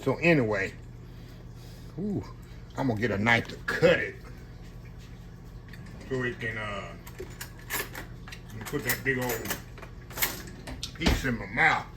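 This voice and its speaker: A man's voice: mid-range voice, lively intonation, takes it slowly, long pauses, background noise. A man hosting a cooking vlog from his home kitchen, folksy and chatty, savoring each bite aloud. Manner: folksy, says y'all often, savoring aloud. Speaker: cooking channel host. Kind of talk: casual eating vlog. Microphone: camera on a tripod.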